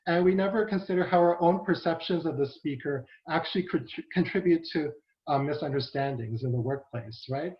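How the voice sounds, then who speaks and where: A man's voice: a little high, brisk. A man giving an academic conference presentation, earnest, often checking in with rhetorical questions. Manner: earnest, with frequent rhetorical "right?" tags. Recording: muffled lo-fi online audio.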